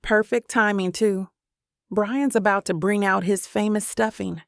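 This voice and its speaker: A woman's voice: medium pitch, steady tone, measured pace, creaky, no room sound. A woman narrating a first-person romance audiobook in a tender, reflective manner, recorded on a close mic.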